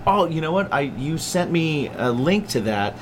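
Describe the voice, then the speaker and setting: A man's voice: fairly high pitch, big pitch swings, moderate pace, a little hiss or hum. A man co-hosting a podcast, doing sponsor reads in upbeat, casual chat. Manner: upbeat, enthusiastic, says "dude" a lot. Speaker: podcast co-host.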